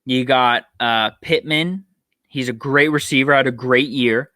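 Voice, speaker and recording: A man's voice: medium pitch, unhurried, bright, forceful tone, no room sound, studio quality. A man hosting a solo sports podcast, a bit tired, rambling and thinking aloud with frequent ums. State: tired, yawning. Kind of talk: casual solo sports talk.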